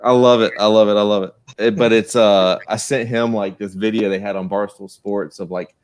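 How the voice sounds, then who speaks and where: A man's voice: fairly low pitch, fairly even intonation, a little fast, smooth. A man with a Southern accent chatting casually on a livestream, rambling with lots of restarts and laughter. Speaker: co-host.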